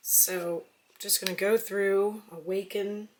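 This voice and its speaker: A woman tarot reader casually flipping through a deck, softly murmuring each card's name in turn. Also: mid-range voice, fairly even intonation, slow, slight background noise. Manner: soft-spoken, murmurs card names quietly one by one. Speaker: tarot reader reviewing decks.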